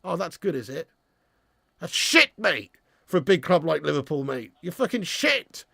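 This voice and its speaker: A man hosting a live football watch-along, sweary and ranting, bantering with viewers in the chat and shouting at chances on goal. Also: fairly high pitch, very animated, normal speed, creaky, slightly rough, no echo, studio quality. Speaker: fan channel host.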